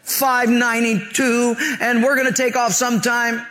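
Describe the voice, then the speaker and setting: A man's voice: extremely high pitch, flat delivery, normal speed, pushed and bright, voice pushed up. A man putting on a scatterbrained airline captain who rambles through his announcement without a clue. The voice sits well above the speaker's own and drifts along vaguely, as if distracted. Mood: rambling. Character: bumbling, clueless male airline captain.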